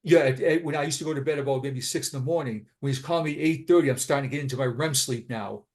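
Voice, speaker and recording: Speaking quickly in a mid-range, somewhat mellow voice, a Boston-born man in his fifties talks about his years as a police sergeant, now retired. The interview is casual, and his manner is frank and blunt, with a clear Boston accent.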